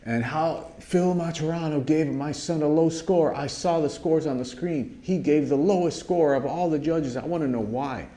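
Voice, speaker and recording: A man voicing an indignant mother who demands answers, raising his pitch for her. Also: normal speed, hardly any pauses, mellow, reverberant, lightly acted. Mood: outraged. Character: furious demanding mother, woman, shrill.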